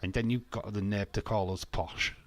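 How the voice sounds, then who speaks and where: A man's voice: on the low side, steady tone, moderate pace, no room sound. A British man hosting a casual live watch-along, bantering and reading chat comments aloud with frequent laughs. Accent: British English. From England.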